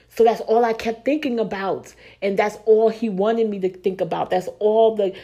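A woman's voice: medium pitch, dark tone. A woman giving an emotional sermon to a women's group, speaking in a repetitive preaching cadence. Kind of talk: impassioned sermon.

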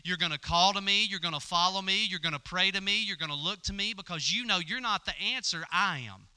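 A male pastor voicing God, speaking emphatically and slowly with reassurance. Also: high-pitched, pushed and bright, smooth, no room sound. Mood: firm reassurance. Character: firm reassuring divine voice, male.

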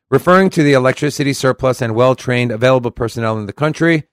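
A man's voice: medium pitch, fast, few pauses, no echo, clean studio sound. A man co-hosting a crypto podcast in casual chat, reading news articles aloud and commenting in a brash, profane way. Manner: brash and profane, animated when reading quotes. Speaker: podcast co-host.

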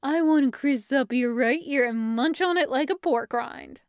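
A woman voicing a dry, deadpan young woman who talks to a puppy in mock-menacing cutesy baby talk. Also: high-pitched, moderate pace, dry recording, natural voice. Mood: cooing.

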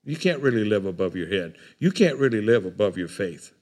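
A man's voice: on the low side, big pitch swings, brisk, darkish tone. An older man with a drawl delivers a sermon. His talk is homespun and rambling. He often repeats words as he works his way toward a point. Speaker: preacher.

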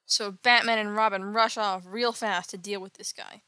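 A woman host walks through an old comic book in a casual, wry way, adding sarcastic commentary as she goes. Her voice is bright and crisp, recorded close and dry with no room sound. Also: medium pitch, fairly even intonation, normal speed, no echo. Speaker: podcast host.

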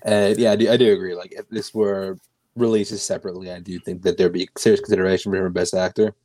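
Man, low voice, casual and emphatic, swears a bit, dry close sound. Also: flat delivery, fast talker, warm tone, no echo. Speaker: podcast co-host or guest. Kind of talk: casual film-review chat.

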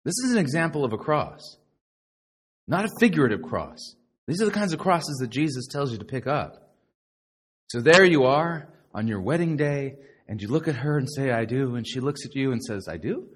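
A middle-aged man preaching a sermon to a live congregation, sarcastic and animated, now and then mocking other people's voices. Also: mid-range voice, moderate pace, slightly rough. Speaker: pastor.

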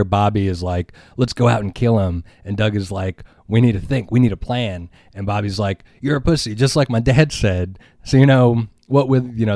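Low-voiced man, casual film recap. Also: darkish tone, no room sound, clean studio sound. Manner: rambling, filler-heavy storytelling. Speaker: podcast host.

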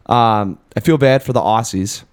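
A man co-hosting a podcast in loose, rambling talk. He keeps circling back and restarting his thoughts, with a smooth voice at a middling pitch. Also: normal speed. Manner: rambling, thinks aloud with fillers and restarts; laughs often. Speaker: podcast co-host. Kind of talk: casual chat.

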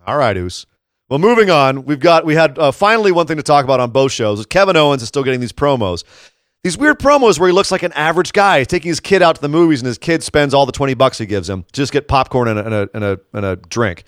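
A man's voice: mid-range voice, expressive, quick pace, fairly bright tone, dry recording, clean studio sound. A man co-hosting a podcast, chatting animatedly in a casual wrestling recap. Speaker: podcast co-host.

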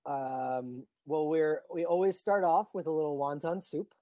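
A man's voice: a little high, unhurried, warm tone, no room sound. A man co-hosting a podcast, rambling with enthusiasm in casual chat. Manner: enthusiastic, rambling food talk. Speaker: podcast co-host.

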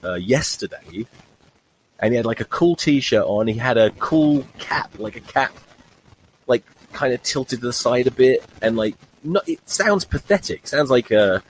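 A man's voice: medium pitch, lively intonation, unhurried, slight background noise, poor audio. A man in his forties hosting a podcast, telling a rambling, wry comic monologue and swearing freely. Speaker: podcast host. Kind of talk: comedic monologue.

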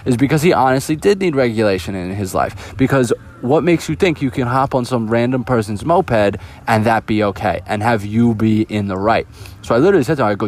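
A young man with a somewhat low voice tells a personal story in a loose, chatty storytime. He talks animatedly and acts out each quoted exchange as he goes. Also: fast talker, darkish tone. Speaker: vlogger. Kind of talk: casual storytime monologue.

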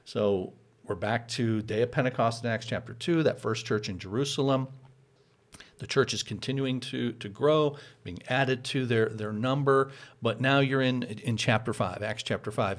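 A man's voice: mid-range voice, normal speed. Man explaining church teaching casually. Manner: explains patiently, chuckles often. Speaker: pastor.

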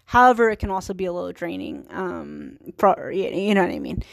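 Speaking fairly quickly in a lowish, gravelly, very animated voice, a woman in her thirties delivers a casual solo podcast monologue with no room sound. She laughs at herself a lot, staying chatty, giggly, and earnest throughout.

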